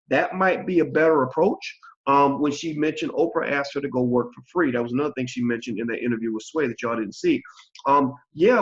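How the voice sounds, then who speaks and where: A man hosting his own channel, giving blunt, animated opinion commentary and swearing freely. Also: mid-range voice, a little fast, muffled recording. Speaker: channel host.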